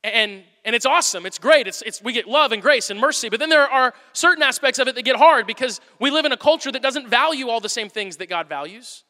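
A male pastor delivers a sermon in an energetic, conversational way, with a touch of self-deprecating humor. His voice sits high and sounds bright and forceful. The church hall gives him a long, ringing reverb. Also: fast, hardly any pauses. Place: church sanctuary.

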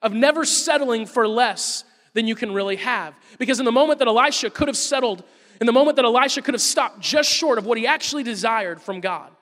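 A man preaching a sermon, telling the story in an animated way and acting out the quotes. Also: very high-pitched, fairly quick, big-room sound.

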